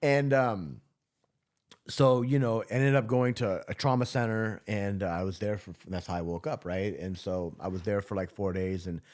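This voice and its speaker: A man recounting a past drinking episode as an interview guest, profane and rambling, laughing through dark moments. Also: fairly low pitch, normal speed. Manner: profane, rambling, many restarts. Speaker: podcast guest. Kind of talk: casual storytelling interview.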